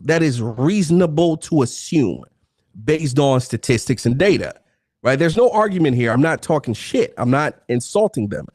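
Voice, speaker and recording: A man's voice: mid-range voice, darkish tone, no echo, clean studio sound. A man hosting a live debate stream, talking bluntly and profanely and pushing through interruptions. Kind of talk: heated casual debate.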